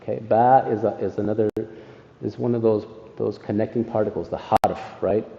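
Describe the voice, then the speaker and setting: A man's voice: on the low side, steady tone, moderate pace, vocal fry, dark tone, slight background noise. A man teaching an Arabic lesson to a class, explaining step by step and checking in with "right?" after nearly every phrase. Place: classroom in a mosque. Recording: echoey hall, muffled sound.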